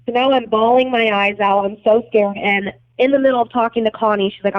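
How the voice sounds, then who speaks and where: Over a dry, tinny line that sounds like a phone, a young adult woman with a slightly high voice tells her story as a podcast guest. She talks fairly quickly with fairly even intonation, yet she's blunt, agitated and swears a lot in this emotional storytelling interview.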